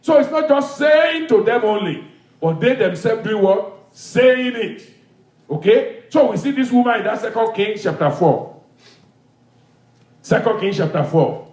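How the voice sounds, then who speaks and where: High-voiced man preaching in an echoey hall. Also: expressive, measured pace, a little mellow. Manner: emphatic, repetitive call-and-response preaching. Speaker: pastor. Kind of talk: sermon. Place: church hall.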